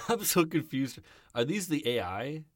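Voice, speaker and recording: A man's voice: on the high side, very animated, unhurried. A man co-hosting a comedy podcast, chatting casually and reacting with disbelief. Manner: incredulous reactions. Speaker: podcast co-host.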